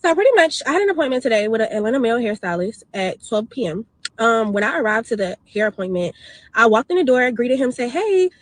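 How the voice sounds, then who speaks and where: Young adult woman, storytime narrator, very fast and indignant, husky tone, dry close sound. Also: a little high, big pitch swings, no echo. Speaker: customer telling her story. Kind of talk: storytime video.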